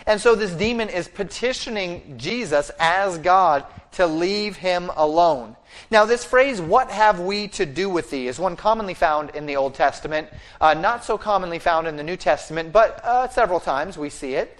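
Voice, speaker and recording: A pastor preaches an expository sermon, explaining a scripture passage line by line with fillers and restarts and acting out the quoted speech. His voice is high-pitched and fairly bright, with lively intonation at normal speed.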